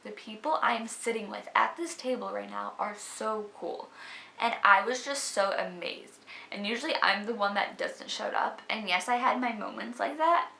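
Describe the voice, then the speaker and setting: A chatty young woman speaks straight to her camera in a loose vlog manner, peppering her talk with "like". Her voice is bright with a gravelly fry at the ends of phrases. The room around her rings with noticeable echo. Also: medium pitch. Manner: chatty, fills speech with "like". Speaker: vlogger. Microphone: camera mic. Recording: echoey room.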